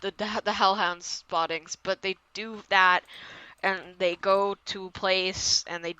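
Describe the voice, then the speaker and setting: Young woman, podcast co-host, slightly tipsy rambler; bright, dry close sound. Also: medium pitch, little pitch movement, takes it slowly, clean tone, no room sound, low-quality recording. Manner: rambling, trails off into mumbles. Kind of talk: casual chat, recapping an episode.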